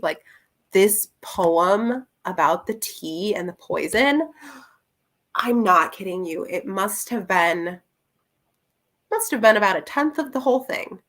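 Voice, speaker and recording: A woman's voice: mid-range voice, animated, unhurried, fairly bright tone. A young woman chatting casually through a book review, rambling with plenty of fillers and little laughs.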